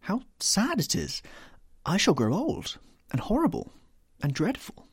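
A man's voice: mid-range voice, sing-song, a little fast, breathy edge, no echo, studio quality, pitched above the performer's own voice. A man reading the part of an anguished, vain young man who dreads growing old, pleading and rising to despair.

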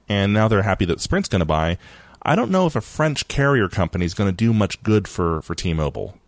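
A man co-hosting a casual tech news podcast, jokey and animated, often laughing. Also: lowish voice, no room sound. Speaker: podcast co-host.

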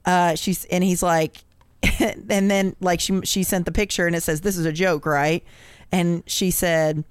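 A woman's voice: on the low side, a little slow, smooth, no echo. A woman co-hosting a casual podcast, reading funny posts aloud and laughing often as she goes. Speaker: podcast co-host.

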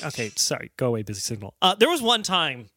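Guy cohosting a podcast, super bright tone, jokes around and wraps things up. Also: mid-range voice, sing-song, fast. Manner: jokey, chuckling, sign-off patter. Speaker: podcast co-host. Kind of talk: casual podcast chat.

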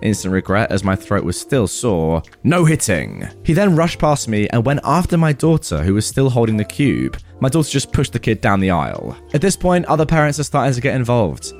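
A man hosting a storytelling channel reads a submitted story aloud. His pitch swings widely as he narrates. Faint music plays underneath. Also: brisk, few pauses. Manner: lively, animated storytelling. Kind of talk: reading a reddit story aloud.

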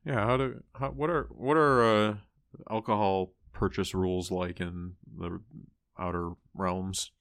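A man playing a tabletop game, joking and swearing in excitable casual chat. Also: deep voice, a little slow, no room sound. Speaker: player.

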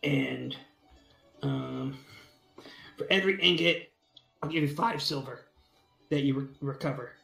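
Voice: mid-range voice, unhurried, vocal fry, pauses often, fairly bright tone, voice pushed down. A curt dwarf woman who leads her crew, voiced by the game master in a tabletop game, blunt and impatient in the way she bargains. The sound is echoey, with faint music in the background. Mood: businesslike. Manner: brusque and impatient.

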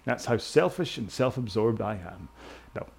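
A man's voice: on the low side, lively intonation, moderate pace, gravelly, darkish tone, slightly rough. A British man coaching a rowing workout, talking casually and rambling in a self-mocking way. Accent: British English. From Britain. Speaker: rowing instructor. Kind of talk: casual talk over a row-along workout.

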